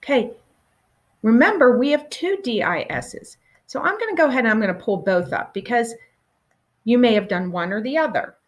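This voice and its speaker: A woman teacher leading a recorded phonics lesson for children, patient and encouraging, pausing for answers. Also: a little high, animated.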